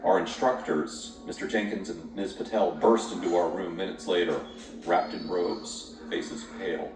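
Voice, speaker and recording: A man's voice: sits low, fairly even intonation, unhurried. A man narrating a scripted horror story, dramatic and lingering on grim details. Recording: echoey, distant, with music behind.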